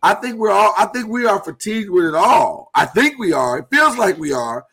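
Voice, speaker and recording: A man hosting a live talk show, speaking earnestly and haltingly while he holds back emotion. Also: sits high, very animated, bright, forceful tone, husky. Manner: earnest, halting, with many restarts. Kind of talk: casual live-stream talk.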